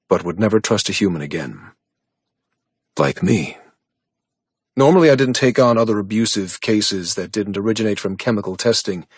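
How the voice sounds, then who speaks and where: A man narrating a romance audiobook in the first person, with a measured, brooding delivery. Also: fairly low pitch, slightly rough, no room sound.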